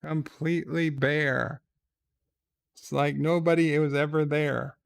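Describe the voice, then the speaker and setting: A man giving live reaction commentary, retelling a TV episode in a slow, relaxed way with fillers. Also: a little high, creaky, clear, resonant tone, dry recording, clean studio sound.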